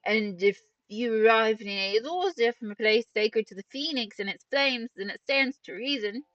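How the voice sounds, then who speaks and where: Calm scholarly advisor, measured and explanatory, read by a woman, dull distant headset sound. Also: a little high, no echo, pitched above the performer's own voice, natural voice. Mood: reasoning. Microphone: headset mic. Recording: dull, distant, dry, game music behind.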